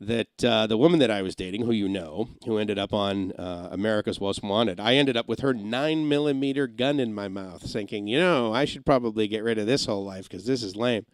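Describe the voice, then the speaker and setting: A middle-aged man who used to be a radio engineer, chatting casually on a livestream, rambling through stories and slipping into quick comic impressions. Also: on the low side, dry recording. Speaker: live streamer and former radio engineer. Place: home in Massachusetts.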